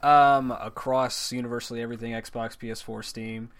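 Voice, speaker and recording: Young male co-host, mid-pitched, halting delivery in relaxed chat. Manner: hesitant, stumbling restarts. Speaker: podcast co-host. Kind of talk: casual chat.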